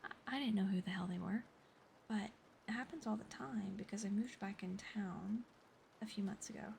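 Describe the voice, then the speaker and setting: A young woman whispering softly on an ASMR livestream, chatting and giggling with viewers as she thanks them and tells a story. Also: medium pitch, moderate pace, gravelly, slight background noise. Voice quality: soft whispery voice. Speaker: streamer. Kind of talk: whispered ASMR stream chat.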